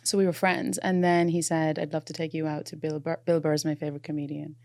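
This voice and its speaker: A young Irish woman chatting as a podcast guest, an animated storyteller who laughs often. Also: sits low, quick pace, no room sound, clean studio sound. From Ireland. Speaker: podcast guest, app founder. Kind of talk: casual chat.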